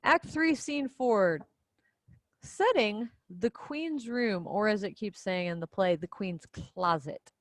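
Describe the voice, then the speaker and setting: A woman's voice: mid-range voice, expressive, takes it slowly, dry recording. A young woman casually and playfully summarizing a play for a class video. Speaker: student presenter.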